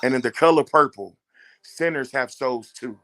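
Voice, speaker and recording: A man's voice: medium pitch, normal speed. A man on a casual podcast who tells stories with lots of swearing and acts out the voices of the people in them. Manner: animated, profane storyteller who acts out quotes.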